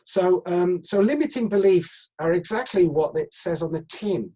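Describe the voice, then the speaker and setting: Middle-aged man, acting coach, rambling, mellow husky voice, video call audio. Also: high-pitched, lively intonation, normal speed, low-quality recording. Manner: rambling, with many fillers and restarts. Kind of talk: live video chat coaching session.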